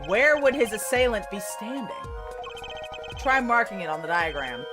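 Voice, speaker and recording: A woman reading the lines of a calm young male defense lawyer who patiently coaches his junior through a puzzle. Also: mid-range voice, moderate pace, natural voice. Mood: patient coaching. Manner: patient, coaching, reading game text aloud. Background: game music.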